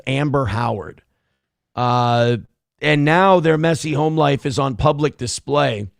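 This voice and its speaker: A young man hosting a live show, reading donation messages and ranting with heavy swearing in fast, heated bursts. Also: medium pitch, creaky, no room sound, studio quality. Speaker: livestream show host. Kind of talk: profane political rant and chat reading.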